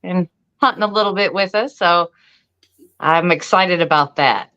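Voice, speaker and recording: This is a woman with a bright, forceful tone, talking in an upbeat way and quickly chiming in to agree. Her voice comes over a dull, lo-fi video call line. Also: lowish voice. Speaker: co-host of a paranormal show. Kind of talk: casual live-stream chat.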